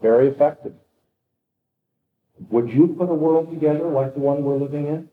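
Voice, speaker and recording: A man's voice: fairly high pitch, normal speed, slight background noise. A man giving a lecture, reading passages from a novel aloud with dramatic intensity and then commenting on them. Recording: echoey, tinny phone-like audio.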